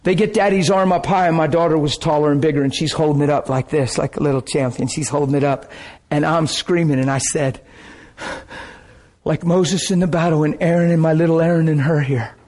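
Man, sermon, husky voice, dramatic, emotional, shouting at times. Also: fairly high pitch, fairly even intonation, a little fast, poor audio. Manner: dramatic, emotional storytelling that bursts into shouts and laughter. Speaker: preacher. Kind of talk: sermon with personal storytelling.

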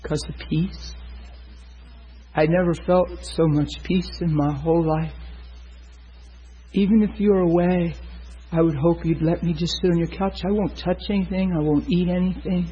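A preacher quoting a sedated, frightened older woman neighbor who speaks in a soft, halting, pleading way. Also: high voice, fairly even intonation, husky, exaggerated voice. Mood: pleading, weary. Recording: dull lo-fi recording.

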